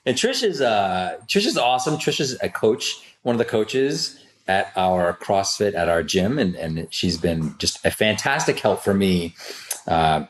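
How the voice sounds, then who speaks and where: Enthusiastic podcast host with a low voice. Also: male voice. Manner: enthusiastic, chatty, rambling asides. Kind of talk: casual interview chat. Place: office.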